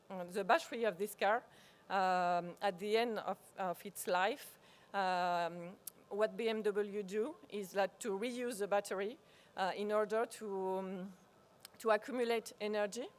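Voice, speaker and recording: Halting French-accented woman presenter. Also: medium pitch, steady tone. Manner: halting, searching for words, many restarts. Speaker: workshop presenter. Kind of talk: live workshop presentation. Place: conference workshop room.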